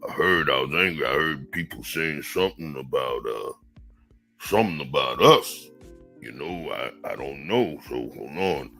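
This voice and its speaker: A man playing a laid-back visitor escaped from a mothership, who speaks in halting, hesitant bursts and chuckles between phrases. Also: very deep voice, lively intonation, creaky, sharp tone, soft background music, exaggerated voice. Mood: easygoing.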